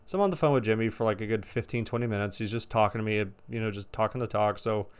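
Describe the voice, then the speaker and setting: A man telling a casual story to camera, animated and exasperated, swearing often. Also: fairly low pitch, fast, clean tone. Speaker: storytime vlogger.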